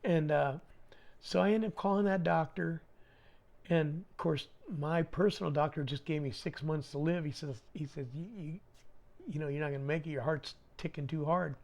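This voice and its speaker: Animated middle-aged man telling stories. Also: on the high side, moderate pace, vocal fry. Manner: animated, slangy, acts out dialogue. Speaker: podcast guest. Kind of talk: casual storytelling.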